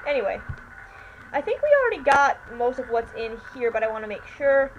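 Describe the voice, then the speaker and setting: Brief: higher-pitched woman, sleepy and rambling let's-play chatter, dull home recording with a faint washer hum. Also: big pitch swings, brisk. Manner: chatty, rambling, keeps saying "anyway". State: tired and yawning. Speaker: let's player. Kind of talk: casual gameplay commentary. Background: faint washing machine hum.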